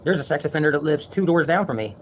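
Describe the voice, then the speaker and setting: High, fast-talking ranting man. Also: animated. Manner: heated, defensive, profane. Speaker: vlogger. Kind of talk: ranting monologue to viewers. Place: home.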